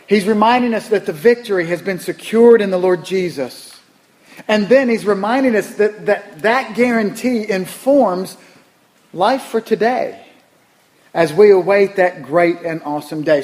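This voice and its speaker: A man with a fairly high voice delivers a sermon from the pulpit. He preaches emphatically, repeating phrases for weight. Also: a little mellow. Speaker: pastor.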